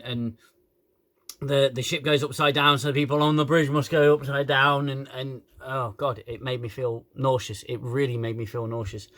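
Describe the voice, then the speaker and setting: A man's voice: medium pitch, a bit bright. A man reviewing a show in an exasperated, sweary rant, stumbling over restarts, recorded on a camera phone. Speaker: YouTube reviewer.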